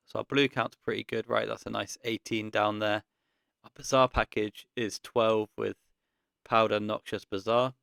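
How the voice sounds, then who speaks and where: A man giving casual gameplay commentary, thinking aloud in a relaxed way with frequent pauses and ums. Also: lowish voice, creaky, clean tone, no room sound, studio quality. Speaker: card game content creator.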